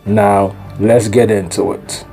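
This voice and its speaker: A man's voice: lowish voice, fairly even intonation, slow pace, over loud music. A man with a Jamaican accent, chatting casually as host of his own gaming vlog in a laid-back, slangy way. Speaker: gaming YouTuber.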